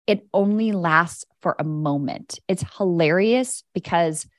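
Her voice lowish and her pace a little slow, a podcast host and energy coach leads a guided spiritual coaching talk on inner-child work, in a soothing, direct, casual way. The sound is clean studio audio with no echo.

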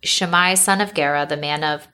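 A woman giving a steady, measured reading of scripture. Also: deep voice, clear, resonant tone. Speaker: Bible reader.

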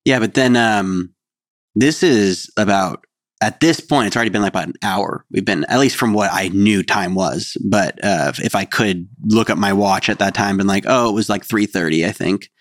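A man co-hosting a podcast, telling a long story in an animated way and acting out what people said. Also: fairly low pitch, moderate pace, no room sound, studio quality. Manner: animated storyteller, acts out quotes. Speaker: podcast co-host. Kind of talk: casual storytelling chat.

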